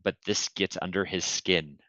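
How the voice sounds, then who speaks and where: A man playing a tabletop game, describing his character's actions and feelings in a thoughtful, measured way. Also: low-pitched, fairly even intonation, sharp tone, no room sound, dull audio. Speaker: player.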